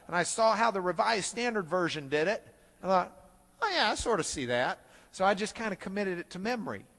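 A middle-aged man teaching a Bible class, telling a self-deprecating story in an animated way. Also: on the high side, in a large hall. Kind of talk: storytelling lecture.

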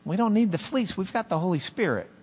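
A man preaching a sermon as pastor, animated, with swings between loud emphasis and hushed asides. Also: high voice, fast talker, big-room sound, slight background noise.

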